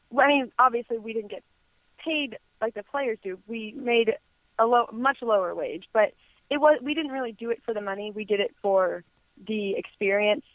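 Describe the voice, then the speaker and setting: A woman's voice: fairly high pitch, dry recording. A woman from Kansas calling in as a guest, answering questions in an earnest, friendly, plain-spoken way. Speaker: guest caller. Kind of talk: casual call-in interview. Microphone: phone. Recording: tinny phone line.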